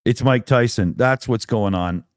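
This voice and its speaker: In clean studio audio with no room sound, this middle-aged Canadian co-host speaks at a measured pace in a mid-range voice. He's an animated storyteller in a casual chat, laughing and swearing as he goes.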